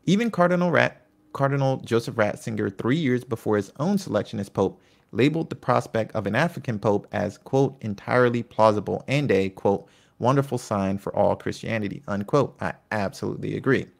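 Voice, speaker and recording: Fairly low, gravelly, and animated, this man's voice moves fairly quickly as he hosts a history video. He alternates between reading notes and chatty, excited tangents, sometimes tripping over names.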